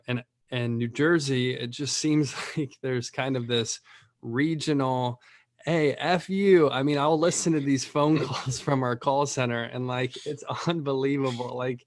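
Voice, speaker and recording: A man who runs a lead-generation business, chatting casually and telling rambling, animated stories full of fillers. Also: mid-range voice, dry recording, studio quality.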